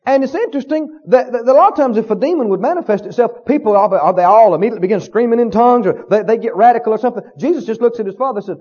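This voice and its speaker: A man's voice: very high-pitched, very fast, few pauses, a little mellow, breathy edge, lo-fi sound. A man preaching a sermon with emphasis, often asking the congregation questions.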